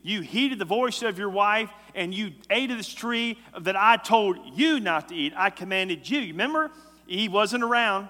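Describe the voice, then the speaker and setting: A male pastor delivers a sermon with emphatic force, dropping to a hush and rising again. His voice is bright and sits a little high. The sound trails off into a long hall reverb. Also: lively intonation, unhurried. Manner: emphatic preacher, swings from loud to hushed. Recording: echoey hall.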